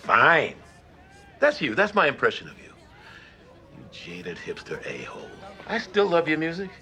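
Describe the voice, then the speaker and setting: A man's voice: on the high side, huge pitch swings, normal speed, sharp tone, exaggerated voice. An actor playing a grown man who confronts his ex, hurt but resolved, speaking earnestly in a TV comedy scene. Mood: sardonic.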